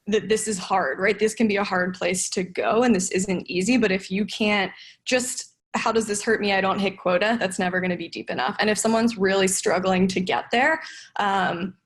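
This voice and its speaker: Woman, young adult, podcast guest, earnest, thoughtful, middle pitch. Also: fairly even intonation, normal speed. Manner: thoughtful, earnest, many fillers and restarts. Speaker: podcast guest, sales development manager. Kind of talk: casual podcast conversation.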